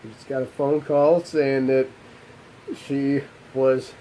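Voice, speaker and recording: Emotional man with a dark, mellow voice. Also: flat delivery, slight background noise, rough recording. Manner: halting, restarting, voice dropping low and quiet. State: emotional, holding back tears. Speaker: gaming channel host. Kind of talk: emotional personal storytelling.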